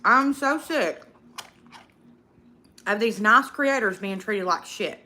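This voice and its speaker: A woman's voice: medium pitch, takes it slowly, sharp tone. A young woman hosting a casual eating livestream, outspoken and profane, ranting and reading viewer comments aloud. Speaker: livestream host.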